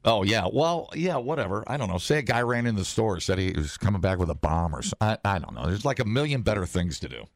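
A man co-hosting a podcast, chatting casually in a rambling, halting, self-mocking way. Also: lowish voice, sing-song, dry recording, studio quality. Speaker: podcast co-host. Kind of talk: casual chat.

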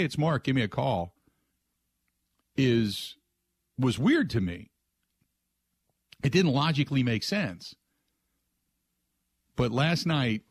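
A middle-aged man hosting a radio show, telling a rambling story in a casual way, with restarts and lively quoted voices. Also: mid-range voice, dry recording, clean studio sound. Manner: rambling, restarts, animated when quoting others.

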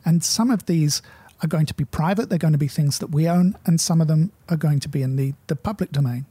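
A long-winded man explains technology in a wry, conversational way. His voice sits a little high but sounds mellow and husky. The recording is close and dry, with no room sound. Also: fairly quick, no room sound. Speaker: podcast host.

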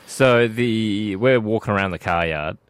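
A young Australian man co-hosting breakfast radio, mock-dramatic and animated, laughing often, on a studio mic. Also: on the low side, measured pace, clear, resonant tone, dry recording. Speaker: radio breakfast show co-host. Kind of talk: casual on-air banter. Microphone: studio microphone.

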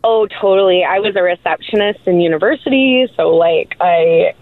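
A woman's voice: on the low side, moderate pace, no room sound, phone-quality sound. A woman caller in casual chat, talking about the cheerful work voice she uses on the phone. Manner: bright, cheerful customer-service phone voice.

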